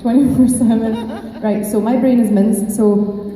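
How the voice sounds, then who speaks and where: A woman with a dark, mellow voice chats playfully with fans, joking and laughing often. She talks into a handheld mic in a big convention hall, with her voice ringing in a long, roomy echo and a faint murmur of ambience behind. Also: a little high, fairly even intonation, unhurried, a little hiss or hum. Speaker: actress on convention panel. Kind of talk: casual, playful panel chat with fans. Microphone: handheld microphone. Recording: echoey hall with long reverb.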